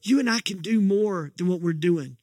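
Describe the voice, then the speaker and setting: A man's voice: high-pitched, moderate pace, a little mellow, dry recording. A middle-aged man preaching a sermon as pastor, telling a story in a folksy, joking way with many restarts.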